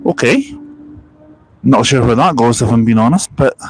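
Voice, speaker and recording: A Scottish man with a mid-range, sing-song voice chats casually at normal speed on an outdoor live stream, walking through a bus park-and-ride. He reads viewer comments aloud and rambles with self-deprecating asides. The sound is slightly rough with no room sound, a rough recording from a small wireless mic on his phone stream.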